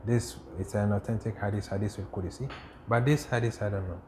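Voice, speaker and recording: A man teaching a class on religion, who keeps asking rhetorical "what?" questions, answers them himself, and recites Arabic quotations quickly. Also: fairly low pitch, fairly even intonation, darkish tone, slight background noise. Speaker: Islamic studies teacher.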